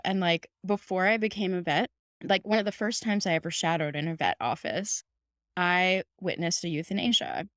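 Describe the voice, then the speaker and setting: A woman's voice: lowish voice, no echo. Chatty woman vet hosting a podcast, dry sound. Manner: warm, emphatic, laughs often, many "like"s. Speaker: podcast host, house call vet. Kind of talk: casual podcast conversation.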